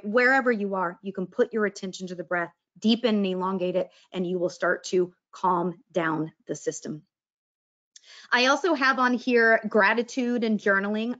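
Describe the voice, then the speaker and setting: Woman presenter chatting thru a wellness talk, acts out little voices, mid pitch, bit dull sound. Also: fairly bright tone. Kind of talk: casual presentation on mindfulness.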